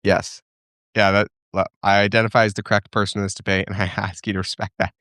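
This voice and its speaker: A young man with a lowish, smooth voice hosts a casual live stream and answers viewers' questions. He speaks in opinionated bursts, restarting his sentences as he works out his thoughts. The sound is dry and close to the microphone. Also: little pitch movement, quick pace, a bit bright, dry recording. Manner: opinionated, thinks aloud with restarts and fillers.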